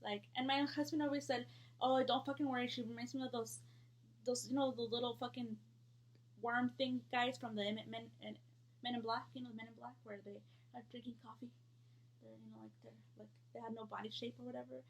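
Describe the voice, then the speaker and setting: A woman's voice: on the high side, fairly quick. A woman in her thirties telling a storytime vlog in a blunt, heated, profane way.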